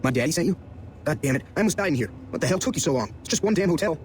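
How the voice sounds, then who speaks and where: A man's voice: a little high, lively intonation, very fast, slight background noise, lightly acted. An actor playing a brash, complaining rural young man, a spoiled son, in a game. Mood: indignant. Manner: cocky, complaining. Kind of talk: video game voice acting.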